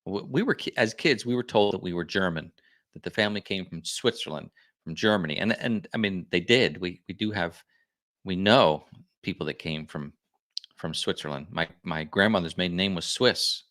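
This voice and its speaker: A livestream host with a low, slightly bright voice chats with viewers at normal speed, rambling and often correcting himself as he goes.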